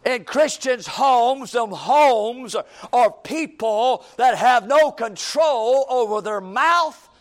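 A man preaching a fiery church sermon, swinging from shouted lines to low, intense passages with repeated emphasis. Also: expressive. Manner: repetitive, drawn-out emphasis.

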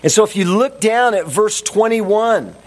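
A male pastor delivers a sermon in a high voice. He moves slowly and deliberately, leaning on his key phrases and repeating them for emphasis. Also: lively intonation.

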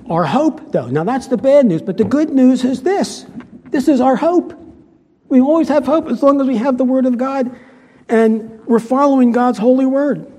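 A preacher delivers an earnest sermon, hammering points home through repetition. His voice sits high for a man, with a mellow, dark tone. A long reverb follows his words, as if he were in a large hall. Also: breathy edge. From United States. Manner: emphatic, earnest, repeats phrases for stress.

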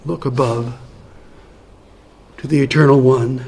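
A man preaching a sermon in an earnest way, repeating key phrases and stretching them out slowly, moving between soft, low passages and louder, raised lines. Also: steady tone, husky.

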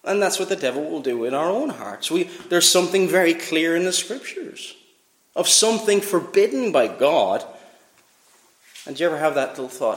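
A man preaching to a congregation, leaning hard on key words and posing rhetorical questions. His voice sits a little high for a man. The sound carries the echo of a church sanctuary. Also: expressive, moderate pace. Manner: emphatic, rhetorical questions, reads scripture aloud. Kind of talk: sermon.

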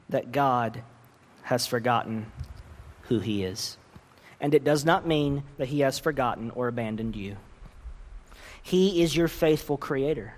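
A man preaching a sermon earnestly, with emphatic rises in his voice. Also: mid-range voice. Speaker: pastor. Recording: long reverb of a large hall.

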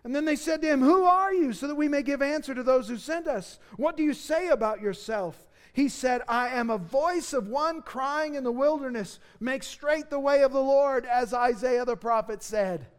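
A pastor delivering a sermon in an earnest, emphatic way, with dramatic rises for key phrases. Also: male voice, very high voice, normal speed, few pauses, smooth.

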